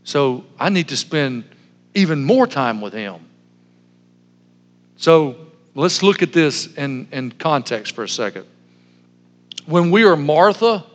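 A man's voice: fairly high pitch, big pitch swings, slow, long pauses, lo-fi sound. A man pastor giving a sermon, telling stories in a humorous, self-deprecating way. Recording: long hall reverb.

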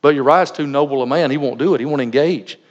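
Speaking fast in a mid-range voice, a pastor preaches earnestly and conversationally, threading in anecdotes from his own life. The audio is lo-fi and dull, recorded in a reverberant hall.

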